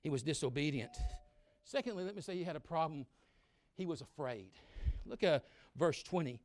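A man in his sixties delivers a sermon in a fairly high-pitched voice. He presses his points loudly, then sinks into a quiet, confiding telling of his own past. Now and then he mimics sulky children. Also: dry recording. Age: 60s. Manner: preaching loudly with sudden drops to quiet storytelling; acts out mumbling kids in quick asides. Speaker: preacher.

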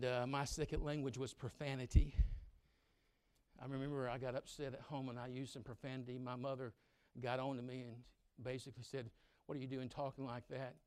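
A man in his sixties preaching a sermon. He swings from loud exhortation to quiet, personal storytelling and acts out grumbling children in quick asides. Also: medium pitch, dry recording. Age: 60s. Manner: preaching loudly with sudden drops to quiet storytelling.

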